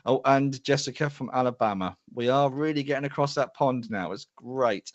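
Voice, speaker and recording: A man's voice: mid-range voice, moderate pace, hardly any pauses, dry recording, lo-fi sound. A middle-aged man hosting a live show, chatty and self-deprecating as he greets viewers by name. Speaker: host.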